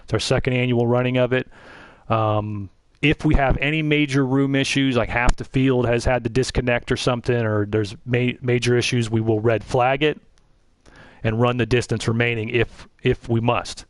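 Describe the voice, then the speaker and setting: A man running a pre-race drivers' briefing for an online racing league, relaxed and rambling, with frequent restarts. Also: mid-range voice, normal speed, dry recording, poor audio. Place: online voice chat.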